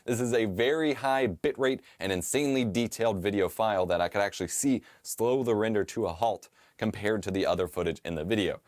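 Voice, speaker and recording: Man, scripted tech review narration, conversational read, lowish pitch. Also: a little fast, a little mellow, dry recording, clean studio sound. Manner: reads from a teleprompter in a conversational tone.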